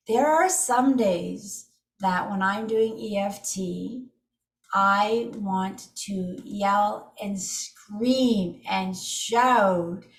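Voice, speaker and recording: A woman's voice: medium pitch, creaky. A middle-aged woman teaching tapping in a live online workshop over a video call, speaking vividly. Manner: animated, vivid, acts out strong emotions while demonstrating. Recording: roomy and distant from the mic.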